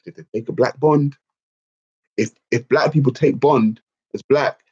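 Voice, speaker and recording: A man's voice: mid-range voice, a little slow, a little mellow, breathy edge, muffled recording. A man hosting a livestream Q&A, ranting emphatically and swearing freely as he answers the chat. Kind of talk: livestream Q&A rant.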